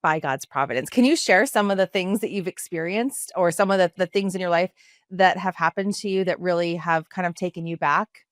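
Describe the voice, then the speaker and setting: A woman podcast host calmly asking her guest an interview question. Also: lowish voice, a little fast, dry recording, clean studio sound.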